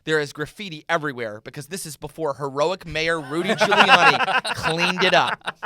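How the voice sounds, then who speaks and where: A man hosting a comedy podcast, reading his own screenplay's stage directions in a deadpan way. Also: fairly high pitch, normal speed, no echo, clean studio sound.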